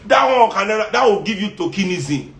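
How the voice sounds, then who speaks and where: A man's voice: high voice, animated, brisk, gravelly, a bit bright. A man with a Nigerian accent giving an impassioned monologue, fiery and laughing often as he slips into pidgin. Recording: roomy echo.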